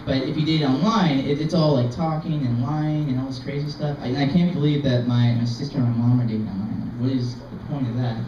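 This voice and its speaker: A young man performing open mic stand-up comedy in a self-deprecating, halting, rambling way. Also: mid-range voice, steady tone, warm tone, recorded from a distance, a little hiss or hum. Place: small art gallery open mic. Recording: dull, echoey room recording from afar.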